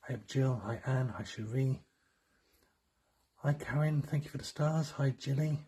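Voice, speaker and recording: A man co-hosting a ghost hunt livestream, talking quietly and greeting viewers one after another inside an old cottage. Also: medium pitch, moderate pace, slightly rough. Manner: hushed, rattling off greetings to viewers. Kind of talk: casual livestream chat. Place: old abandoned cottage, indoors.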